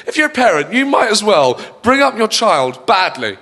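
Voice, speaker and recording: A man doing stand-up comedy on a studio stage, animated, rambling and mocking. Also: high-pitched, moderate pace. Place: studio comedy stage before a live audience. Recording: live audience laughter and room noise.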